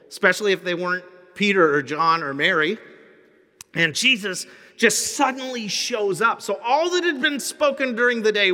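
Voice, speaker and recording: A man pastor preaching a sermon in an animated, humorous storytelling way. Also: sits high, long reverb tail.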